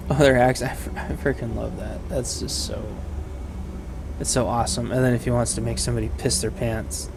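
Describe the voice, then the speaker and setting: A gaming vlogger talks casually and eagerly over his own play, breaking off mid-thought and circling back. His voice sits in a middle register. Game sounds and a clear layer of noise run under him. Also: mid-range voice, steady tone, a little fast. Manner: rambling, enthusiastic, self-interrupting. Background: video game sound.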